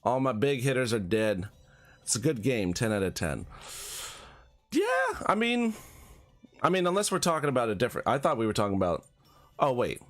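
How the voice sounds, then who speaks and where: A man narrating his card-game run in loose, joking chatter. His pitch swings widely from line to line, and he breaks into laughter easily while bantering with his co-host. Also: soft background music. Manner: animated, quick swings in pitch, laughs often. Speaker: streamer playing a card game. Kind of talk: casual gameplay commentary with banter.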